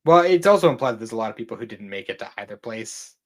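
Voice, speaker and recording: A man's voice: mid-range voice, expressive, fast. A man with a mid-range voice co-hosts a podcast in easygoing chat. He talks candidly, swears casually, stumbles into restarts and laughs freely. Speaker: podcast co-host.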